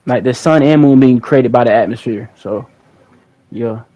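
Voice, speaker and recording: A man's voice: medium pitch, moderate pace, muffled recording. A young man hosting a livestream, chatting casually to his viewers in a rambling, slangy way, often repeating words. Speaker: livestream host.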